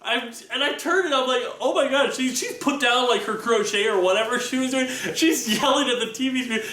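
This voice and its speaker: A young man telling stories in a casual chat, animated and full of restarts. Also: a little fast, slight background noise. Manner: animated storytelling, excited rising pitch, many restarts. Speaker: vlogger answering viewer questions. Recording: echoey room with faint ambience.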